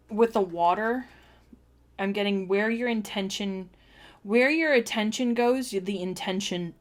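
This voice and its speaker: Chatty woman reading cards. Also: mid-range voice. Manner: chatty, rambling, with many ums and restarts. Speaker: tarot reader. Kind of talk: live-streamed oracle reading.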